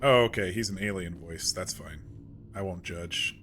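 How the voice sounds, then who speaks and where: A man's voice: deep voice, normal speed, a bit bright, soft background music. A man giving chatty, wry commentary while streaming a video game. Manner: chatty, wry, reads lines aloud. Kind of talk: casual gameplay commentary.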